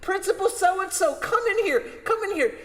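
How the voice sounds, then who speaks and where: A man voicing an excitable male math teacher who calls loudly across the room. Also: moderate pace. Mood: eager. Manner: eager, loud, high. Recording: roomy reverb, guitar music.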